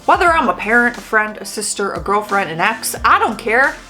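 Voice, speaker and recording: A woman in her twenties chatting casually as she reacts to clips, animated and laughing often. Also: mid-range voice, a little fast, soft background music.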